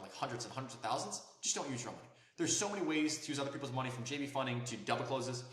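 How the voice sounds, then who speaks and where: A man's voice: a little high, a bit bright, echoey room, low-quality recording. A man coaching viewers on land investing in an emphatic, instructional way, checking in often with "okay?" and "right?". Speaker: land investing sales consultant. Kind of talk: instructional talk to camera.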